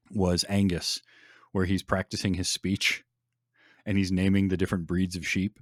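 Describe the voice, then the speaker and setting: Low-voiced man chatting eagerly on a podcast. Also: little pitch movement, normal speed, dry recording, studio quality. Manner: enthusiastic, laughs often, many restarts. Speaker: podcast host. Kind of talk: casual chat.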